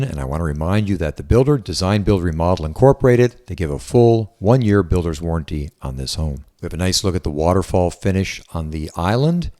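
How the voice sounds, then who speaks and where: This man has a low voice with a darkish tone. Inside a house, he gives a chatty, enthusiastic walkthrough as a real estate agent who lives in Southwest Florida.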